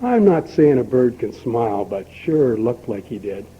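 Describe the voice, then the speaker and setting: An older man speaking at a recovery meeting, telling a long folksy joke and acting out both characters with lively emphasis. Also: medium pitch, measured pace, slightly rough. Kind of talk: storytelling talk at a recovery meeting. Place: meeting hall. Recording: dull lo-fi archival tape with faint hiss.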